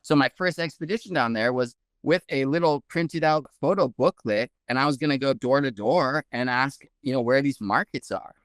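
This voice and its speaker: A man, a guest researcher, telling a story in a casual, animated way with many "like"s. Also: medium pitch, normal speed, few pauses, no room sound, studio quality. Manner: animated, heavy use of "like".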